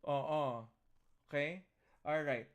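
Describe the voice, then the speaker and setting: A man's voice: on the high side, slow pace, clear, resonant tone. A man with a Filipino accent lecturing an online class, teasing his students and switching between English and Tagalog.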